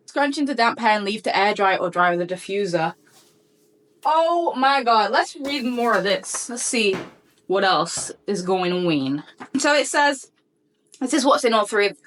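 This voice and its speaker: A young woman vlogger talks straight to her viewers in a casual unboxing chat. Her voice sits a little high, and she gushes with excitement in quick, eager bursts. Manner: gushing, excitable, fast bursts of chatter. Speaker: beauty vlogger.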